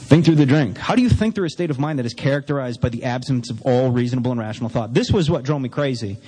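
A man's voice: mid-range voice, lively intonation, quick pace, mellow, husky. A man giving a candid, self-mocking recovery talk to a meeting audience. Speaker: recovery speaker. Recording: long reverb of a hall.

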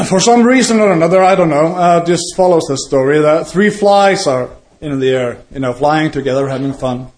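A man's voice: on the high side, lively intonation, normal speed, darkish tone. A man hosting a meeting and telling a joke, often chuckling as he goes. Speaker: meeting host.

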